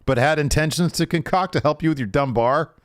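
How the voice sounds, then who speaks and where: A man's voice: on the high side, fairly quick, no room sound, studio quality. A man co-hosting a podcast, recapping wrestling in casual chat with joking, exasperated asides. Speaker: podcast co-host.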